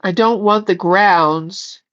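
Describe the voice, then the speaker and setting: Lady chatting on her stream, slow and easy, bit muffled sound. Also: medium pitch. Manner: chatty, giggly, reads viewer comments aloud. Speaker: psychic livestream host. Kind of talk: casual livestream chat.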